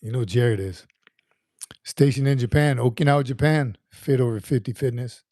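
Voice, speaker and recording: Reading viewer comments out loud, this livestream host in his fifties talks in a rambling, casual way, often looping back over what he's said. He has a mellow, relaxed, mid-range voice at a moderate pace, captured in a dry, close recording with no surrounding room.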